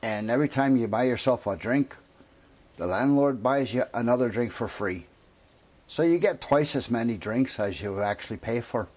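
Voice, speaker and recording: A man's voice: mid-range voice, normal speed, darkish tone, lightly acted. A man voicing a British traveler from Liverpool who brags about his pub, matter-of-fact.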